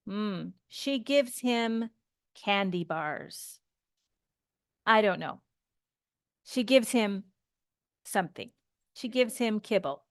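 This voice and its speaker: A woman gives a slow English grammar lesson, patiently working through it step by step with example sentences. Her voice is fairly high and fairly bright, recorded at studio quality with no echo.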